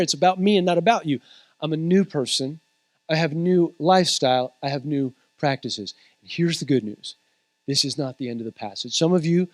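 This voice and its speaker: A man preaching to his congregation in a high, earnest voice, swinging between hushed, low passages and lifted, energetic ones. The sound is dry and close, with little room around it. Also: no echo. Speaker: pastor. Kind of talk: sermon. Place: church.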